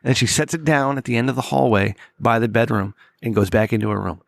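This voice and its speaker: A hoarse middle-aged man with a sore throat, a podcast host telling a long, rambling story, swearing and laughing at himself. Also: medium pitch, fast talker, no echo, clean studio sound. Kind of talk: casual podcast chat.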